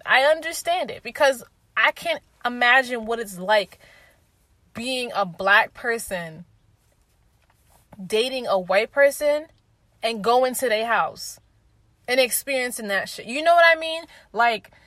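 A woman's voice: fairly high pitch, no room sound. A woman in her twenties speaking casually and candidly, swearing freely and acting out quoted remarks as she tells stories. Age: 20s. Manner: candid, profane, animated storytelling with quoted voices. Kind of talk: casual opinion talk.

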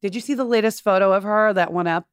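A woman's voice: mid-range voice, fast talker, clear, resonant tone, no echo, studio quality. Giggly woman from Texas chatting gossip. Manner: giggly, agreeable, playful. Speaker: co-host. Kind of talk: casual celebrity gossip chat.

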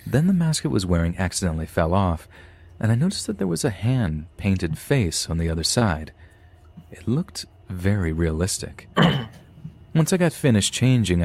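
Deep voiced guy reading a scary story on a podcast, kinda dry. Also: a little mellow.

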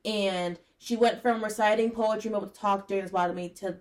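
A woman's voice: mid-range voice, steady tone, fast, darkish tone. A young woman co-hosting a podcast in a casual chat, blunt and rambling, swearing freely as she talks. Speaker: podcast co-host.

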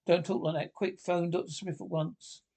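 A devoted husband and father, read by a man from a radio drama script. His tone is plain and fairly high. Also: flat delivery, normal speed, dark tone, breathy edge. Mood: gentle. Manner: reads stage directions aloud before lines.

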